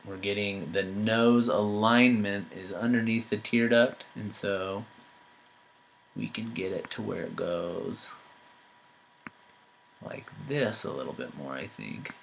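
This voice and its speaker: A man giving an art critique, talking through changes thoughtfully with many pauses, fillers and restarts. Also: fairly low pitch, gravelly, slight background noise, poor audio. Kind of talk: painting critique while editing on screen.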